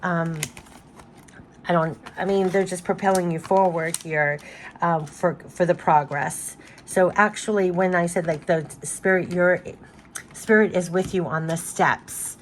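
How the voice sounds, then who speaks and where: Lower-voiced woman giving an emphatic card reading. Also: fairly even intonation, a little slow, a little hiss or hum. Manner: repetitive, emphatic and reassuring; loose and rambling with many restarts. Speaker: tarot card reader.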